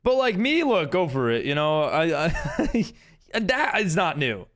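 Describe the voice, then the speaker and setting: A man's voice: fairly high pitch, sing-song, unhurried, fairly bright tone. A man streaming a game live, chatting casually with viewers and friends and reading chat aloud, laughing often.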